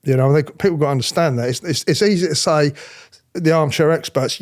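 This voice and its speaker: A middle-aged man, once a royal protection officer, tells blunt stories in a candid interview, his voice fairly high and his pace quick. He's animated, swears freely, and mimics the people he describes.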